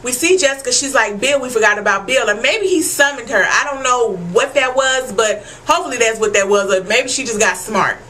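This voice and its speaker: A woman giving an animated, profane recap of a TV episode, talking straight to her viewers. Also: on the high side, brisk, few pauses, low-quality recording. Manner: animated, profane and emphatic, addressing viewers as y'all. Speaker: TV episode reviewer. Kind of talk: casual TV recap vlog.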